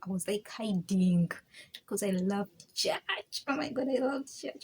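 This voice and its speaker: A woman's voice: medium pitch, moderate pace, breathy edge. A young woman, telling her story in a casual personal video, laughing and acting out other people's words. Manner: animated, laughing, acts out quoted voices. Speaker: vlogger.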